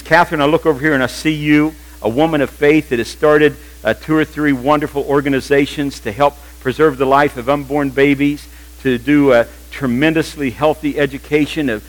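An older man preaching a sermon in a church, animated and humorous, slipping into playful quoted voices. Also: mid-range voice, low-quality recording. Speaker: pastor.

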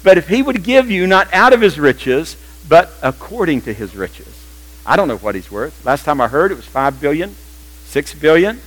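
An older man preaches to his congregation in a church. He is animated and humorous, and his voice sits somewhat high for a man. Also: moderate pace, low-quality recording. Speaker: pastor. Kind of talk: sermon.

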